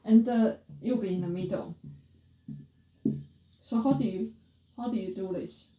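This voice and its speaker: A woman teaching pronunciation, repeating words slowly and correcting herself as she goes, in a casual lesson. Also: mid-range voice, lo-fi sound, noisy background. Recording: roomy, slightly distant mic.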